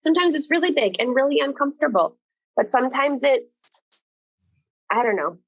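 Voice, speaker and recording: A woman's voice: high voice, normal speed, no room sound. Earnest woman telling a story, lo-fi. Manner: earnest and animated storytelling, laughs often. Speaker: podcast guest. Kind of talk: casual conversational interview.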